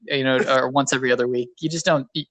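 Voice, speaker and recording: A man co-hosting a casual podcast in a rambling, self-deprecating way. His voice sits at a middle pitch. The sound is dry and close to the mic. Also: steady tone, quick pace, fairly bright tone, no echo. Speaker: podcast co-host.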